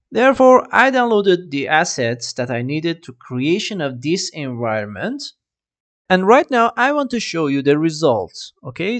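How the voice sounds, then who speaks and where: A man walking through a 3D software tutorial, with a casual "I mean" and "let's just" as he goes. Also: a little high, creaky, dry recording. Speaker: 3D tutorial creator. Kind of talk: screen-recorded software tutorial.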